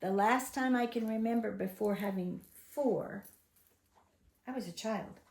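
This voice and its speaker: Older woman, home Bible teacher, a touch high, chatty and emphatic, roomy echo. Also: a little slow, darkish tone. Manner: chatty, emphatic, asks the group questions. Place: home gathering room. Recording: echoey room.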